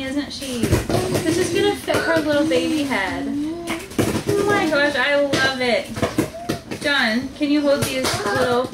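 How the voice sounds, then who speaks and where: A high-pitched woman gushes through a casual family unboxing vlog, excitable and quick to laugh. Her voice rings in an echoey room, with loud household noise filling the background. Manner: gushing, excitable, laughs often. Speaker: vlog host and mother. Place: family home with kids playing.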